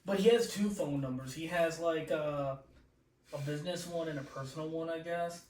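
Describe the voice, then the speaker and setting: A man telling a profane, animated story as a podcast guest, with frequent laughs, recorded in an echoey room away from the mic. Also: a little high, normal speed, recorded from a distance, slight background noise. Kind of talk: casual storytelling.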